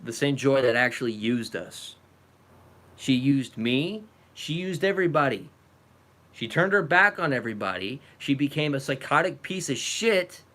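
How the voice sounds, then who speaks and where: A man hosting a reaction video, delivering an angry, profane rant at a clip, sometimes shouting. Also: medium pitch, sing-song, normal speed. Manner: furious and profane, at times shouting.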